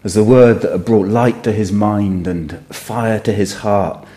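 A middle-aged man preaching a sermon in an earnest, measured way with emphatic phrasing. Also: lowish voice, fairly even intonation, dark tone.

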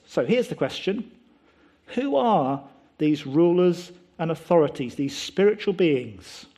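Emphatic male preacher, slightly high voice. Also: warm tone. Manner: emphatic, rhetorical questions, explanatory. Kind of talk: sermon.

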